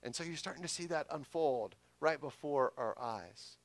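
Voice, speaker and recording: A pastor giving a conversational sermon that swells loud for emphasis. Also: male voice, fairly high pitch, lively intonation, moderate pace, no echo.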